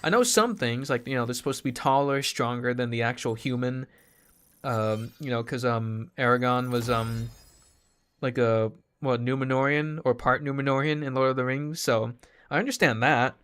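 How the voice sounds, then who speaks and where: A man's voice: medium pitch, moderate pace, fairly bright tone, smooth. A man ranting casually to his stream chat, sarcastic, swearing freely, laughing often.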